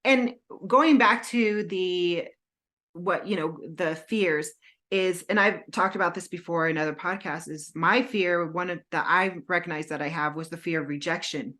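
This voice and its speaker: A woman with a forceful, bright voice that sits a little low for a woman. She is chatting on a podcast and tells a story, acting out her own phone calls as she goes. She records at home over a video call. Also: normal speed. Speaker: podcast co-host, indie author. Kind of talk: casual podcast chat. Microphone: home setup with green screen, video call.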